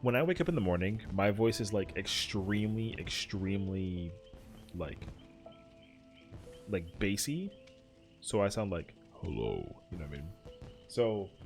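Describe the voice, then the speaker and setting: Rambling young man streamer, lowish voice. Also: a little mellow. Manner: rambling, full of "like" fillers. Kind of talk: casual chat while gaming.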